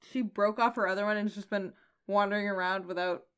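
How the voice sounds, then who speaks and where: A woman co-hosting a comics podcast, calm and even-handed, raising quizzical questions. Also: mid-range voice, fast talker, smooth. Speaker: podcast co-host. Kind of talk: casual comics recap chat.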